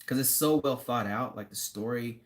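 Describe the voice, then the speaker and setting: A man's voice: medium pitch, brisk. A young man streaming live, reading viewer comments aloud and chatting casually in a laid-back, rambling way with frequent laughs.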